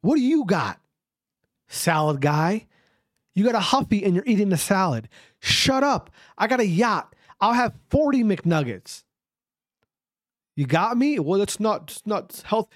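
A man's voice: on the high side, big pitch swings, unhurried, pauses often, no echo, studio quality. A man voicing an arrogant rich man who boasts about his yacht and taunts others, in a brash, profane, mocking manner. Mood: arrogant taunting.

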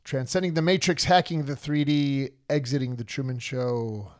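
A man's voice: mid-range voice, fairly even intonation, normal speed, no room sound, studio quality. Breathless joking male podcast host. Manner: playful, jokey, breathless banter. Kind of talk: casual chat.

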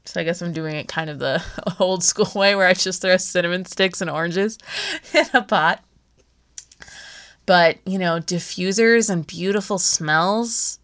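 A woman's voice: medium pitch, fairly bright tone. A woman in her thirties hosting a podcast, chatting casually with frequent laughs and playful asides. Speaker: podcast host.

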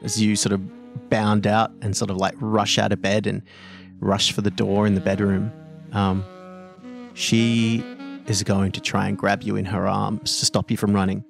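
Gravelly low-voiced game master. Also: male voice, little pitch movement, normal speed, soft background music. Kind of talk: narrating a tabletop horror game.

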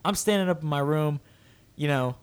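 A young man on a casual podcast with a slightly high voice. He rambles through a story in loose, restarting sentences and breaks into wailing childlike cries. It is loose, unscripted chat. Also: moderate pace, clear, resonant tone. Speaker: podcast co-host.

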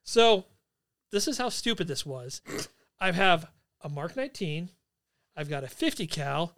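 A man in his forties, a podcast host and army veteran, telling a story casually among old friends, animated and swearing freely. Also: on the high side, measured pace.

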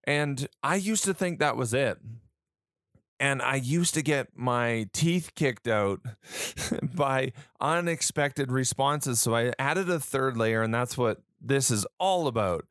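A man's voice: medium pitch, expressive, takes it slowly, a bit bright, dry recording, studio quality. An adult man in a casual talk, telling stories with reported dialogue and asking the listener earnest rhetorical questions. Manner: conversational storytelling with reported dialogue. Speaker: speaker on handling conflict.

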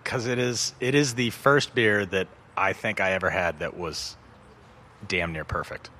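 A man chatting casually as a guest in a relaxed, jokey way. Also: deep voice, unhurried. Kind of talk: casual chat.

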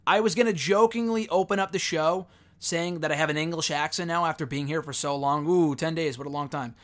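A man's voice: a little high, brisk. Upbeat American male podcast host. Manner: upbeat, chatty, energetic. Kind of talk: casual podcast intro and interview.

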